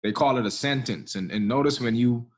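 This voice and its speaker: A man with a husky, slightly breathy voice, speaking tentatively in casual chat. He leans on "you know" as he works toward his point. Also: mid-range voice, a little fast.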